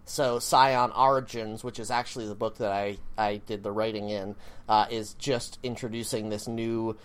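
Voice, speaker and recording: A man's voice: fairly low pitch, flat delivery, normal speed, clear, resonant tone. A man co-hosting a podcast, chatting casually in a rambling, self-deprecating way with plenty of fillers. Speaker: podcast co-host. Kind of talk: casual chat.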